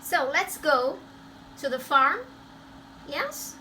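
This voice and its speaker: A woman teaching English to young children, talking slowly and imitating animal sounds. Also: high-pitched, lively intonation, noisy background. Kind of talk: online lesson for children.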